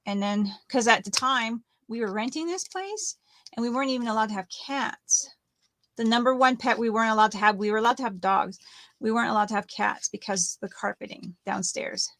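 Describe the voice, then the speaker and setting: A woman's voice: a little high, fairly quick, fairly bright tone, no room sound. Middle-aged woman, chatty co-host, rambling stories, dry close sound. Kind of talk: casual chat while crafting.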